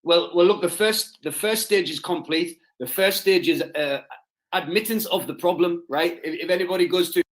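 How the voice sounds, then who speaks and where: A man talking in a played clip, his voice pitched high. He speaks haltingly and hesitantly.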